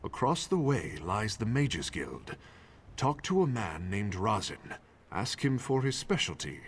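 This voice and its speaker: An actor voicing a calm, scheming male ally in a video game, measured and commanding. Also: on the low side, a little hiss or hum.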